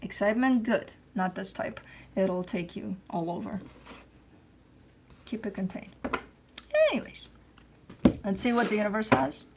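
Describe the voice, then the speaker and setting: A woman's voice: mid-range voice, measured pace, pauses often, heavy background noise. Chatty woman giving a tarot reading. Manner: chatty and loose, with slang and the odd curse; coaching and reassuring, repeats herself for emphasis. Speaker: tarot reader hosting her channel. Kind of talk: casual spoken tarot reading.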